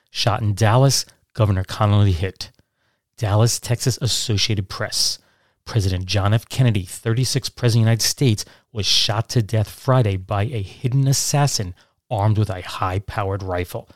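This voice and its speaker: Low-voiced man reading old headlines. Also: no echo, studio quality. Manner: reads headlines aloud slowly and deliberately. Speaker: presenter reading old newspapers. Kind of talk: informal educational narration.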